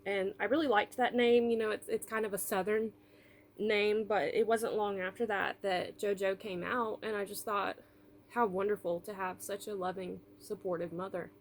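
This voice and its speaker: Brief: woman in her thirties, vlogger, tearful, halting with fillers, faint background hiss. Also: medium pitch, fairly even intonation. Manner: emotional, apologetic, halting with fillers. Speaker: doll collector vlogger. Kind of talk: personal storytelling vlog.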